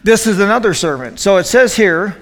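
High voiced guy preaching to a youth group, lively and jokey, big echoey hall. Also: fairly quick. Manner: animated, joking, asks the room questions. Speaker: youth pastor.

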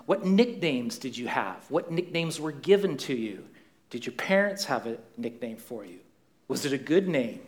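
A man's voice: medium pitch, sing-song, normal speed. A man, a pastor preaching a conversational sermon full of questions to a church congregation.

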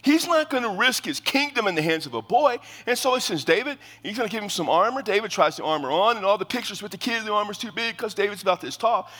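Lively high-voiced pastor in his fifties. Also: quick pace, few pauses, long reverb tail. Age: 50s. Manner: lively, joking, conversational preaching. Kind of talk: sermon.

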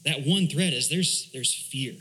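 A man's voice: mid-range voice, a little slow, a bit bright, rough recording. A young man serving as a church elder, giving an informal, conversational sermon with many fillers and restarts.

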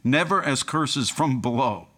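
Lively male preacher telling funny stories. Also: mid-range voice, measured pace. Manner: storytelling with humor, chuckles at his own anecdotes. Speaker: pastor. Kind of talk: sermon.

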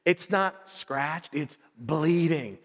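A middle-aged man preaching a sermon, telling stories in an animated way and acting out his son's voice. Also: a little high, very slow. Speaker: pastor. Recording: long hall reverb.

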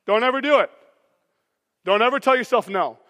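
A man preaches in an energetic, conversational style, checking in with "okay?" and "all right?" after nearly every line. His voice sits very high and sounds bright and forceful. It rings with long reverb, as if filling a large church auditorium. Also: moderate pace. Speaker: pastor. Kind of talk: sermon.

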